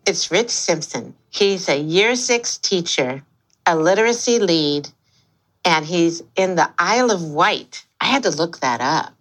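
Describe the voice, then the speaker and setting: An older woman hosts a podcast in a bubbly, easy way, laughing often. Her voice sits a little low for a woman. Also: expressive, unhurried, a bit bright. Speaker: podcast host. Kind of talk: casual podcast chat.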